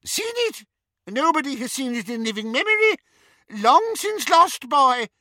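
A man voicing a tiny, excitable elderly male charms professor with a squeaky voice in a storybook reading. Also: unhurried, no echo, studio quality, full character voice. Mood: flustered.

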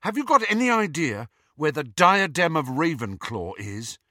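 A man's voice: on the high side, sing-song, normal speed, sharp tone, dry recording, clean studio sound, pitched above the performer's own voice, exaggerated voice. A man voicing an urgent, determined teenage boy wizard in a storybook reading. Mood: pressing.

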